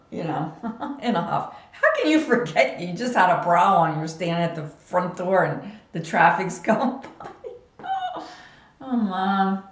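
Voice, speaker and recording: Slow, lively-voiced woman telling a story. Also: fairly low pitch, reverberant. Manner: slow, meandering, laughs while telling. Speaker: vlogger. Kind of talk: personal storytelling.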